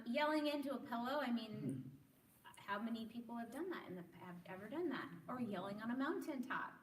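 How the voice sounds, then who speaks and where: A woman leading a group wellness class, explaining calmly and encouraging people to join the exercises. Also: mid-range voice, a little hiss or hum. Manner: encouraging, demonstrates loud shouts. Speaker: workshop leader. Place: room with a group. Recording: echoey room, from far off.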